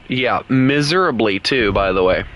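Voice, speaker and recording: A man's voice: mid-range voice, animated, normal speed, fairly bright tone, dull audio. A man streaming a game and bantering playfully with viewers who play along with him. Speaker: gaming streamer. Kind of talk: casual gameplay chat with viewers.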